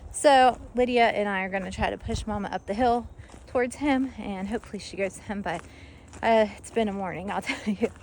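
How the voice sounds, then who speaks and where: On her farm, a homesteader vlogger chats casually outdoors, rambling with plenty of fillers. Her voice is mid-range, brisk and a little mellow. She's recorded on the camera mic with no lapel, and there's a little hiss or hum.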